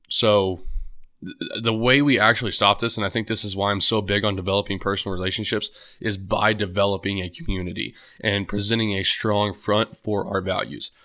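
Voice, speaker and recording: A man's voice: fairly low pitch, bright, forceful tone. A young man talking alone on his podcast, rambling casually with many fillers and restarts. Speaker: podcast host. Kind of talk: solo podcast monologue.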